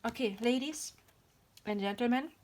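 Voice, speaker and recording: A woman's voice: fairly high pitch, normal speed, background noise. A woman giving a pick-a-card tarot reading on her channel. She rambles, apologizes often, talks about spiritual ideas and drops to a whisper now and then.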